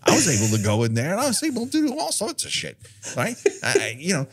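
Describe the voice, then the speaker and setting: A man's voice: a little high, huge pitch swings, fast talker, husky, pitched above the performer's own voice, heavily acted. A man voicing a cocky, boundary-pushing male demon in a seasoned old-guy voice, rambling and profane. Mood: smug. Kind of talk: improvised comedy bit.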